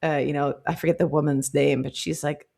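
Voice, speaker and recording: Female podcast co-host, lowish voice, playful and animated book chat. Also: fairly quick, vocal fry. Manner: animated, playful retelling with comic quoted asides. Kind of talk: casual chat.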